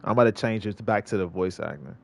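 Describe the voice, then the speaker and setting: A man's voice: lowish voice, fairly quick, vocal fry. A male streamer giving casual gameplay commentary, rambling and repeating himself with many restarts. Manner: rambling, repetitive, lots of restarts.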